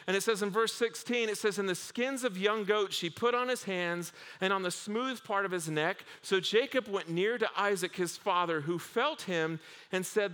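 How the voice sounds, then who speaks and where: A man preaching a sermon to a congregation, telling the stories with humor and lively asides. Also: high-pitched, normal speed, smooth. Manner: humorous, animated storytelling with acted asides. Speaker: pastor. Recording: long hall reverb.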